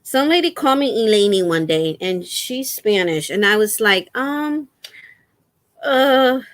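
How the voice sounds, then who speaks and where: Slow, chatty woman livestream host. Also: medium pitch, lively intonation, dry recording. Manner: rambling, faith-filled, chatty with viewers. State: in pain, resting a sore foot. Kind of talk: casual livestream chat.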